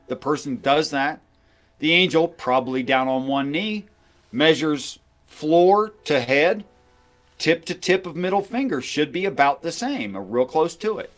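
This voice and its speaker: A man's voice: on the high side, fairly bright tone. A man hosting a podcast discussion, explaining his views assertively and reading old texts aloud. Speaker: podcast host.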